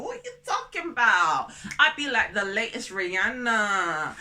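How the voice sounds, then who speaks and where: A woman in her thirties vlogging casually to camera, excitable and goofy, jumping between topics and laughing often. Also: medium pitch, normal speed, hardly any pauses. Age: 30s.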